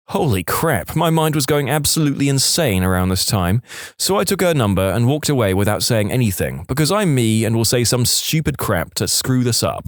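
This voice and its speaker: A man reading confessional stories aloud in a scripted storytime style. His pitch swings widely as he reads, keeping the delivery animated. The recording is close and dry with no room sound. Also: no echo. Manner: lively, expressive reading. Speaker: storytime narrator.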